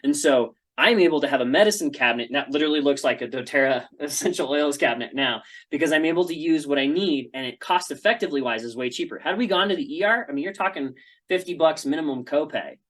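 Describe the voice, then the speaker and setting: A man's voice: on the high side, lively intonation, fast, fairly bright tone, poor audio. A man giving a casual presentation, talking in a chatty storytelling way with frequent asides.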